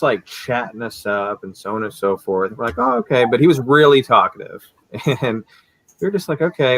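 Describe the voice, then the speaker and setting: A man chats casually as a guest on a livestream. He tells stories with energy and acts out the people in them. His voice sits at an average pitch and sounds dry, with no room echo. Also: a bit bright. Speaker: livestream guest, collectibles seller. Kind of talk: casual chat.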